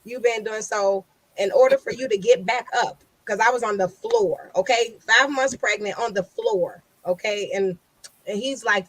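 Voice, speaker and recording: A woman's voice: mid-range voice, moderate pace, no room sound, low-quality recording. Emphatic woman sharing her story. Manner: emphatic, repeats herself. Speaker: guest. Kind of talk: casual chat.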